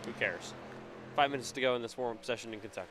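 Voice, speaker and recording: A man with a congested, stuffed-up voice giving casual live commentary on a sim race as the stream host, relaxed and chatty with frequent fillers. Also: mid-range voice, fast talker, heavy background noise.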